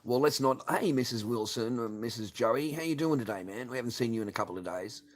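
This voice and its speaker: A man's voice: medium pitch, quick pace. A middle-aged man, hosting a casual livestream, reading and answering chat with constant swearing and sarcasm.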